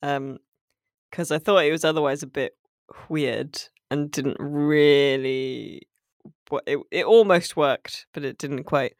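A co-host on a podcast, speaking hesitantly and thoughtfully, with lots of ums. The recording is dry, with no room sound around the voice. The pitch is middling. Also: slow pace, no echo. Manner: hesitant, thoughtful, many fillers. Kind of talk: casual chat.

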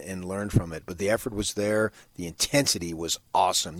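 A man's voice: sits low, fairly bright tone, no room sound. A man co-hosting a morning sports radio show, talking in an emphatic, casual way and often repeating words as he starts a thought.

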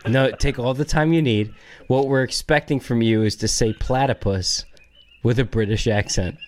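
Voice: mid-range voice, normal speed. Pushy podcast co-host prompting a guest. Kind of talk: casual comedy podcast banter.

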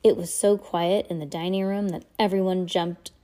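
Woman reader, casual storybook read-aloud with offhand asides. Mellow, slightly low tone. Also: fairly even intonation, moderate pace. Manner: reads aloud with casual asides and self-corrections. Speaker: amateur reader.

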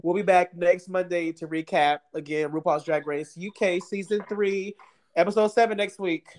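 A man's voice: high voice, fairly even intonation, normal speed, a little mellow, a little hiss or hum. A man co-hosting a podcast in loose, joking casual chat, laughing often between lines. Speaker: podcast co-host.

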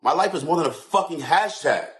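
A man's voice: on the high side, expressive, fairly quick. A young man from the United States with a New York accent, a fitness instructor speaking in a raw, impassioned, profane and pleading way in an emotional social media video.

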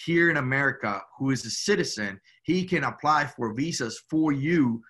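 Guy from cuba rambling through a story, bright clear voice, lots of "you know, man". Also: mid-range voice, lively intonation, moderate pace. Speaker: guest. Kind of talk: casual storytelling.

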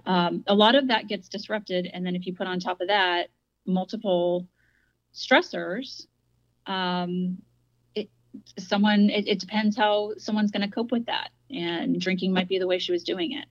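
A woman co-hosting a casual discussion podcast, explaining her points in a measured way. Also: mid-range voice, fairly even intonation, no echo, lo-fi sound. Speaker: podcast co-host.

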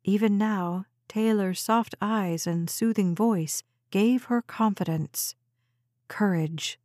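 A woman narrating an audiobook in a measured, even storytelling voice. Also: mid-range voice, no echo, studio quality. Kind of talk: scripted narration.

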